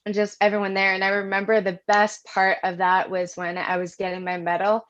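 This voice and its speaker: A woman's voice: mid-range voice, completely flat delivery, fairly quick, a bit bright. A woman, chatting earnestly as an interview guest and telling her story in detail. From Canada. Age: early 20s. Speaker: guest athlete. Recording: dull lo-fi audio.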